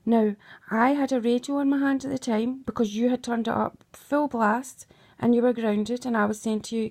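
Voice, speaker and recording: A middle-aged woman with a fairly high voice goes over old grievances with her daughter. She talks in an emphatic, accusing way and keeps pressing with "right?". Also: normal speed, gravelly, darkish tone. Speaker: mother. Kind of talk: emotional recounting monologue.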